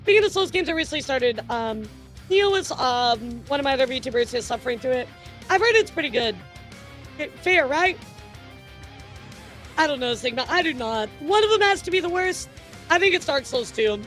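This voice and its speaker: High-voiced woman vtuber chatting on stream, giggly, swears a lot, faint music behind. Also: normal speed. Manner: giggly, animated, swears casually. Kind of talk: casual live-stream chat.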